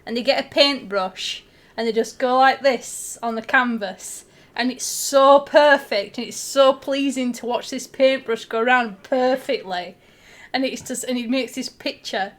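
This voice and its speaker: A woman in a casual stream chat, with a voice pitched a little higher than most. She rambles through her thoughts with filler words, giggles often and swears casually. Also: a little slow, a bit bright.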